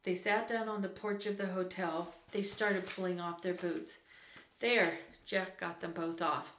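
A woman reading a children's book aloud, unhurried, now and then correcting a slip. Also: on the low side, little pitch movement, fairly bright tone, slight background noise. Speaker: reader. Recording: roomy echo.

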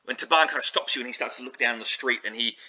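A man's voice: mid-range voice, fast talker, pushed and bright, slight background noise, low-quality recording. A man narrating a tabletop role-playing game as game master, describing scenes with frequent restarts. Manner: hesitant, full of restarts while describing scenes.

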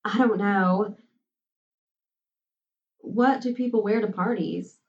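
Brief: woman reads a timid college girl, a touch higher and lightly raised, sounding distant and muffled. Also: slow, echoey room, lightly acted. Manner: timid and hesitant. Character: shy, sheltered young college woman.

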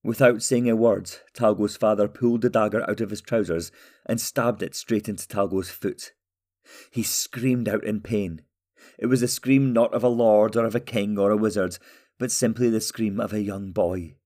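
A man narrates a fantasy novella in a steady, even manner. His voice sits low and calm, paced for scripted storytelling. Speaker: audiobook narrator.

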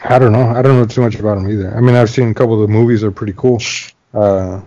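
A man's voice: lowish voice, fairly even intonation, quick pace, mellow, no echo. A man chatting casually as a podcast co-host, easygoing and a bit unsure, trailing off. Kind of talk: casual chat. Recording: dull, lo-fi mic.

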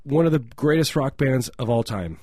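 Man, radio co-host, deadpan, sarcastic, rambling, husky, dry studio sound. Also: mid-range voice, moderate pace, no room sound. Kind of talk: casual deadpan radio banter.

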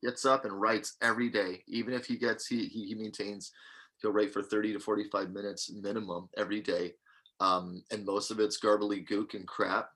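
A man co-hosting a podcast, chatting casually and reading forum posts aloud as he thinks out loud. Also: on the low side, flat delivery, moderate pace, slightly rough. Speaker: podcast co-host. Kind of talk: casual chat.

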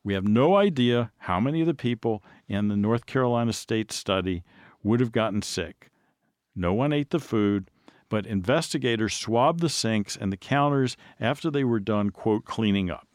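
A man's voice: lowish voice, expressive, normal speed, no room sound. A man co-hosting a talk show, laying out facts and figures with dry, joking asides. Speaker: radio show co-host.

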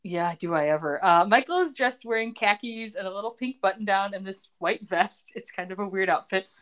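A woman's voice: medium pitch, fairly quick, a bit bright. A woman co-hosting a podcast, casually recapping TV scenes and laughing often. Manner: acts out quoted lines, laughs often. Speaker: podcast co-host recapping a TV show. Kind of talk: casual chat, retelling scenes.

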